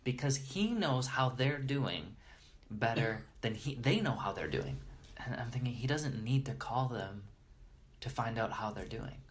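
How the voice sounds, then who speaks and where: A man's voice: medium pitch, very animated, a little slow. A man in an interview earnestly and reverently telling stories, often restarting his sentences as he goes. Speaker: interview guest. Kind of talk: storytelling in conversation.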